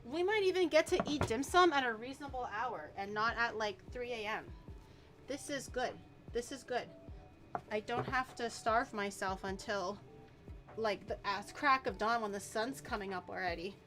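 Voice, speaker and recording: A woman's voice: a little high, moderate pace, music in the background. A young woman chatting casually while cooking on her stream, explaining each step and swearing now and then.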